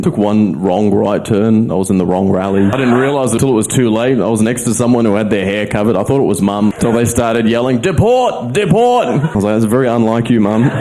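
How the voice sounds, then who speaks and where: A man with an Australian accent doing a stand-up comedy set on stage before a live audience, delivering wry, deadpan jokes and acting out quotes. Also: on the low side, noisy background.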